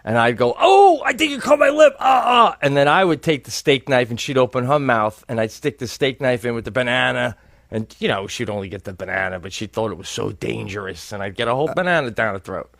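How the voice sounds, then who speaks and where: A middle-aged man co-hosting a comedy podcast, telling animated stories in casual chat with some swearing. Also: medium pitch, fast talker, creaky, no room sound, studio quality. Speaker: podcast co-host.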